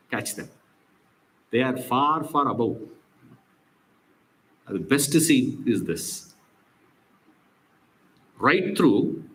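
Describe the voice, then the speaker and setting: A man's voice: medium pitch, low-quality recording. A man teaching a scripture class, telling stories with emphatic rhetorical questions. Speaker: spiritual teacher.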